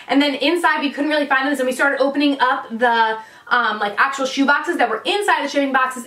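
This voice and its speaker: A woman's voice: sits high, pushed and bright. A young adult woman chatting through a storytime vlog, with lots of casual fillers. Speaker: vlogger. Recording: echoey room, distant mic.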